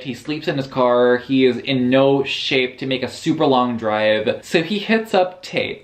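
A young man recapping a book for his vlog, casual and sarcastic, swearing freely and slipping into mock voices. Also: mid-range voice. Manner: animated, profane, sarcastic retelling with mock character voices. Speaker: book reviewer.

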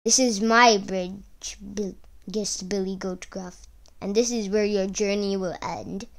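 Greedy bridge troll, slow and menacing, mid-pitched, a woman putting him on, storybook. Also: steady tone.

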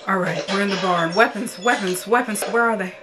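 A woman's voice: medium pitch, fairly quick, music in the background. A woman reacting to a horror movie she is watching for the first time, talking back at the characters on screen and swearing freely.

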